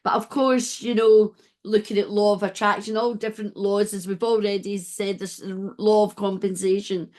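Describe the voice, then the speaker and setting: Woman hosting a podcast, kinda rambly and warm, mid voice. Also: mid-range voice, level tone, normal speed, few pauses. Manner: warm, rambling, gets emotional and laughs. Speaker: podcast host. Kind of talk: casual interview chat.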